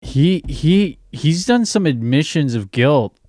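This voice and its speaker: Young guy on a stream cussing and rambling, slow unhurried delivery, dry close sound. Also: a little high, expressive, darkish tone, no room sound. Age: young adult. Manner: profane, rambling, distracted while browsing. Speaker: livestream host. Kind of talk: casual livestream rant.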